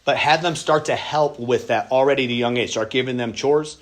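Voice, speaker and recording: Male pastor, conversational workshop teaching, acts out quoted voices, medium pitch. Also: fairly quick.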